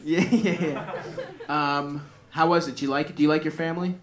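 A man's voice: on the high side, fairly even intonation, fairly quick. A young man doing a loose stand-up set with crowd work, rambling and self-deprecating with plenty of swearing. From Greek family. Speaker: stand-up comedian. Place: comedy club in front of live audience. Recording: live comedy club audience.

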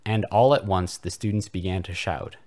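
A man reading a comedic fanfiction aloud for a podcast in a mock-serious deadpan style. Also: low voice, moderate pace. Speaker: podcast reader.

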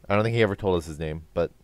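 A man's voice: low-pitched, clear, resonant tone. A man streaming a game, laughing easily and asking his co-players what to pick. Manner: chuckly, checks in with co-players. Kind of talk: casual gaming chat.

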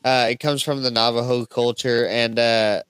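Smooth-voiced man with dry quips. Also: medium pitch, fairly even intonation, moderate pace, a bit bright, no echo. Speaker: podcast co-host. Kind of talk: casual chat, reading notes aloud.

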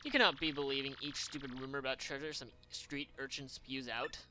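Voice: mid-range voice, fairly even intonation, brisk, bright, forceful tone, slight background noise, close to an everyday voice. A gamer doing a flamboyant Spanish-accented merchant. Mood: pompous, theatrical. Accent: put-on Spanish accent. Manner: pompous, theatrical, grandiose. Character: flamboyant rich merchant man, vain and dramatic. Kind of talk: let's play reading of game dialogue.

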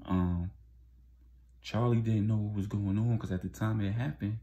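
A man's voice: lowish voice, fairly even intonation, normal speed, warm tone. A man casually recapping a street story in slangy, loose speech with many fillers.

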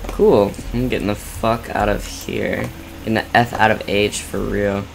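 A young man streaming a video game, reacting with excited exclamations and swearing in casual chatter. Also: fairly low pitch, measured pace, creaky, a little hiss or hum.

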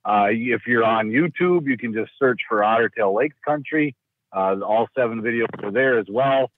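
A man's voice: mid-range voice, moderate pace. Man on a tinny phone line. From Minnesota. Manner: hesitant, frequent restarts and fillers. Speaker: guest, county rural initiative coordinator. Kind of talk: casual interview.

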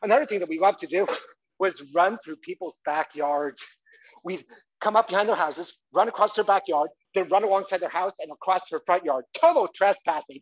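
On a theatre stage, a man performs a playful, comic monologue about his own life, coaxing the audience to join in and bursting into loud shouts. He has a high voice and talks fairly quickly, and the live recording is dull and lo-fi.

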